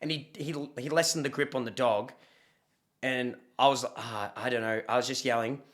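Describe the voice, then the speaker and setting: A young man streaming, reacting to videos and telling a story in casual chat, animated and swearing freely. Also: medium pitch, moderate pace.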